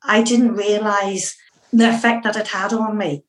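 A middle-aged Northern Irish woman tells stories in an interview in a lively, chatty way, with lots of "kind of" and "you know" fillers. Her voice sits in a medium pitch for a woman. It echoes around a roomy space. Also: a little slow. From Northern Ireland. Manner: lively storyteller who acts out her own past remarks, with many fillers. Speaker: interview guest. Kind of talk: anecdotal interview storytelling.

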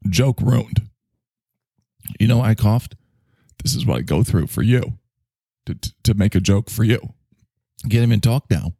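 A man's voice: on the low side, lively intonation, measured pace, vocal fry, pauses often, mellow, breathy edge, dry recording, clean studio sound. A man hosting a podcast, rambling and joking at his own expense while reading out listener chat messages. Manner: joking, self-mocking, rambling. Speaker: podcast host. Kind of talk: casual live-stream podcast monologue.

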